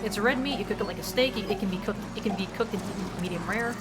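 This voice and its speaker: A woman's voice: mid-range voice, fast. A young woman streaming a game, chatting casually in a rambling, profane way full of fillers. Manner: rambling and profane, heavy use of "like". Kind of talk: casual chat while gaming. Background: game music.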